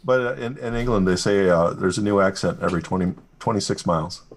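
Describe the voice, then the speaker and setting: A man's voice: sits low, fast. A man joining a casual video call with brief remarks. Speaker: participant.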